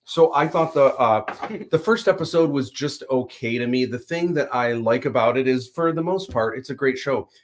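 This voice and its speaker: A man hosting a livestream, chatting casually, rambling through animated opinions full of fillers and restarts. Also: mid-range voice, moderate pace, few pauses, slight background noise. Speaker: livestream host. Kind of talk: casual chat.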